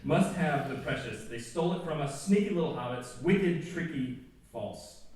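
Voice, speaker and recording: A man's voice: medium pitch, lively intonation, normal speed, darkish tone, close to an everyday voice. A man voicing a paranoid, possessive male creature who hisses and grabs, in a big echoey hall. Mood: greedy. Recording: echoey hall, distant mic.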